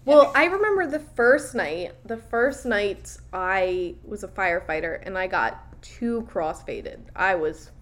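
A young woman in her twenties recalling college days in casual chat, playful and quick to laugh. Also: medium pitch, lively intonation.

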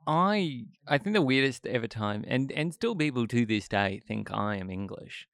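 Gravelly Australian man, rambling. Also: medium pitch, lively intonation, normal speed, fairly bright tone, no echo, clean studio sound. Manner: rambling, filler-heavy, genteel. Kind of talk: casual chat.

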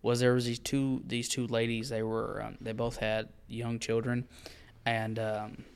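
A man's voice: medium pitch, flat delivery, a little slow, vocal fry, smooth. A man co-hosting a podcast in a small home studio, chatting casually and laughing easily. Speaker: podcast co-host. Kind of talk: casual chat.

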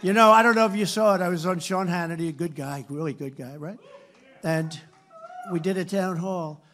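An older man giving a campaign rally speech from a stage microphone, rambling and repetitive, sarcastic, and swinging between loud and soft. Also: high voice, fairly quick, a little hiss or hum. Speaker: political candidate. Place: rally stage before a crowd.

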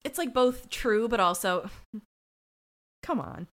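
A woman's voice: fairly high pitch, lively intonation, slow pace, fairly bright tone. A woman co-hosting a casual podcast, bantering bluntly. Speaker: podcast co-host. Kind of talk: casual recap chat.

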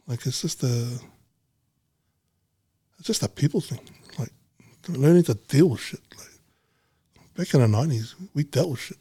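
Blunt, swearing man, husky and mellow. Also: medium pitch, no room sound. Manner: blunt, swears freely, acts out dialogue. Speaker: podcast guest, businessman. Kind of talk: casual conversation.

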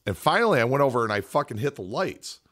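A man's voice: medium pitch, fast. A man co-hosting a podcast, telling a story in a casual, profane way. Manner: profane, animated storyteller with quoted voices. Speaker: podcast co-host.

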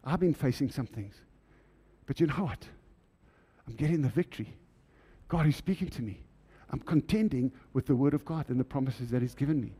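Male preacher, sermon delivery, warm dark timbre, rhetorical questions to the room. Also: medium pitch, fairly quick, husky.

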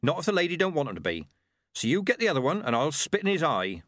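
A man's voice: a little high, wildly swooping pitch, fast, no room sound, studio quality, voice pushed up. A man voicing a blunt, stubborn old village witch and midwife with folksy, rustic speech. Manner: folksy rustic grammar, sharp and feisty.

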